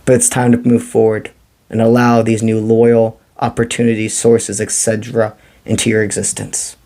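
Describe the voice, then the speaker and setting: A man giving a spiritual tarot reading to camera, talking in a calm, encouraging and mystical way with casual slang. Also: fairly low pitch, moderate pace. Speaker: tarot reader.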